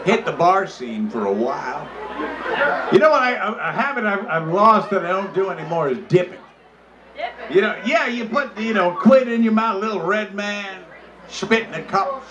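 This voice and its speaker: A man with a very high, piercing voice works a packed bar as a stand-up storyteller, loud and brash, with sudden shrieks. Crowd chatter and bar noise sit clearly behind him on a handheld mic. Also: lively intonation, normal speed. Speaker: comedian.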